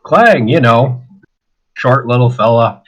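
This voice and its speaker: A man playing a tabletop game, describing his character's actions in a relaxed, joking way. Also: medium pitch, takes it slowly, lo-fi sound. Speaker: player. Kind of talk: casual tabletop play.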